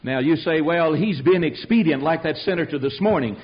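High-pitched fiery preacher man. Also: normal speed, dull audio. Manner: emphatic, rhetorical, calls out to the congregation. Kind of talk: fiery sermon.

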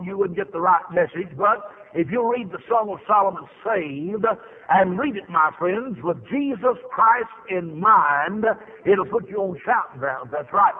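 A man preaching a fervent revival sermon, full of "uh" fillers and rising to shouts. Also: high-pitched. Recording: tinny phone-like radio broadcast.

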